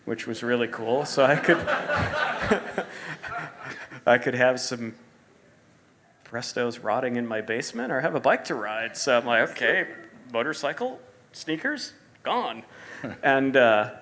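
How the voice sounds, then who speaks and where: A middle-aged man, a sneaker designer as guest, telling animated stories at a live store interview and acting out quotes. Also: mid-range voice, measured pace, pauses often, slight background noise. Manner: animated storyteller, acts out quotes, laughs often. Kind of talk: live stage interview storytelling.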